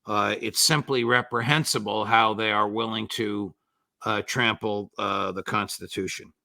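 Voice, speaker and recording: An older man, a former judge, giving measured but indignant political commentary with sarcastic asides. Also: fairly low pitch, steady tone, vocal fry, sharp tone, no echo.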